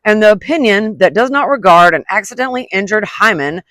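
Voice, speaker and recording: A vlogger reading a letter aloud, pausing to add indignant asides and stumbling over unfamiliar words before retrying them. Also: mid-range voice, animated, fairly bright tone, no room sound. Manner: reads quoted passages, then breaks off into indignant asides.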